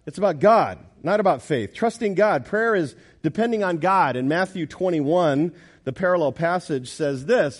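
A man's voice: a little high, moderate pace. A middle-aged man preaching a sermon as pastor, telling stories, joking with the congregation and acting out quotes. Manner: animated storyteller, jokes with congregation, acts out quotes.

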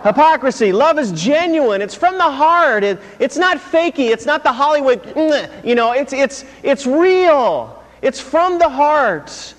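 A man's voice: very high-pitched, very animated, a little slow, few pauses. A man preaching a sermon as pastor, drawing call-and-response answers from the congregation and repeating words for emphasis. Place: church sanctuary. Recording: long hall reverb.

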